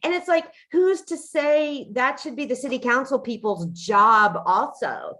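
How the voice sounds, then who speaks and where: A woman's voice: sits high, unhurried, pushed and bright. A woman hosting a podcast in casual chat, ranting indignantly with frequent swearing and restarts. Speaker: podcast host.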